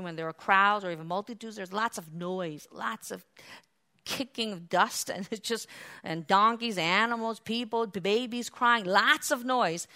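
A woman preaching a sermon, with conversational asides full of fillers, swelling into impassioned cries as she acts out scripture. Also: lowish voice. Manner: impassioned, rising to loud cries when acting out scripture.

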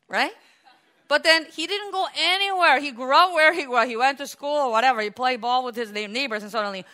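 Animated, bright-voiced woman preacher. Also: fairly high pitch, brisk. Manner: animated, acts out voices of biblical figures. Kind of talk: sermon.

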